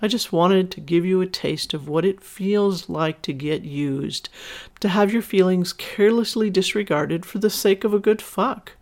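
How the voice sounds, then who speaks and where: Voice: medium pitch, normal speed, natural voice. A storyteller voicing a vengeful young woman with a mocking, sing-song manner.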